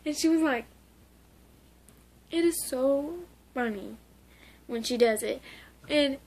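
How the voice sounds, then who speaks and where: A woman's voice: sits high, slow pace, darkish tone. A woman talking casually in a memorial vlog, rambling with lots of "like" and restarts. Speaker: vlogger.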